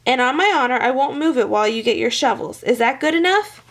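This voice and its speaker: A woman's voice: high voice, expressive, fast talker, slight background noise. A woman voicing a sly, mocking little leprechaun with an Irish accent in a storybook read-aloud. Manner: teasing, tricky.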